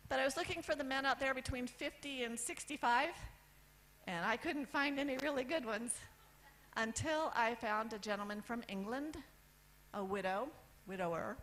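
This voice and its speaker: A woman in her fifties stands on stage and tells her own story in a candid, direct way. She lists things one at a time with pauses for effect. A faint hum sits under her voice. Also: a little high, fairly bright tone, rough recording. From United States. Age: 50s. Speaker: speaker telling her story. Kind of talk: personal story talk on stage. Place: event stage.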